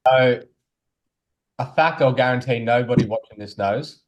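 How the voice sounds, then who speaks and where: A man hosting a relaxed interview. He speaks at a plain middle pitch and keeps things friendly and upbeat as he sets up each question. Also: normal speed. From Australia. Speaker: podcast host. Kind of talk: casual interview chat.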